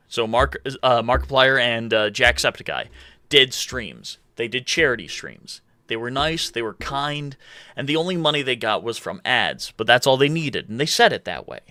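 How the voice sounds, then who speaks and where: Young guy streaming, rambly, keeps correcting himself, bright bouncy voice, dry sound. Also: medium pitch, no room sound. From United States. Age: 20s. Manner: rambling, self-correcting, reads chat aloud. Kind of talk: casual live-stream chat.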